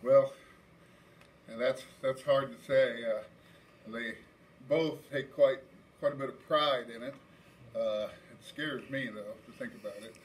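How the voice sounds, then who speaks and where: A man giving a hesitant, halting interview answer. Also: mid-range voice, distant mic.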